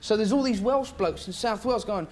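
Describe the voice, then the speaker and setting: A man's voice: high voice, brisk, a little mellow. A male comedian on a chat show, telling rambling anecdotes with laughs and acted-out voices. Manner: rambling, laughing storyteller who acts out voices. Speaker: comedian guest. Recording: noisy studio with audience. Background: audience laughter and noise.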